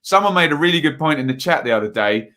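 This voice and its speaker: A man's voice: fairly high pitch, animated, fast, bright, forceful tone. A man hosting a casual live football stream, chatting loosely with many fillers as he reads out viewer comments between match updates.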